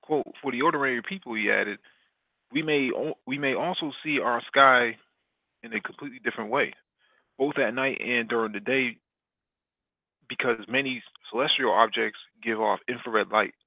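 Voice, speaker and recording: Male host reading news copy, mid-range pitch, frequent restarts, tinny phone-like line. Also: moderate pace, no room sound. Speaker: podcast host. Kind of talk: reading a news article aloud.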